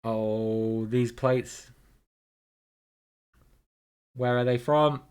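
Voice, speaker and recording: Very slowly, a man in a mid-range, slightly mellow and clean-toned voice with fairly even intonation offers chatty, playful live-stream commentary over a guessing game with his viewers. He greets them by name and swears casually.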